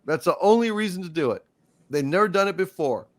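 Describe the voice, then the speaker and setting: A man's voice: high-pitched, a little fast. Profane, ranting man hosting a live stream. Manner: profane, animated ranting with stammered restarts. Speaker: livestream show host reading super chats.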